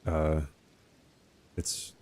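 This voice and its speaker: A man's voice: very slow, a little mellow. A young man streaming a game live, chatting casually and rambling as he answers his viewers' chat. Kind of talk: casual live-stream commentary while gaming.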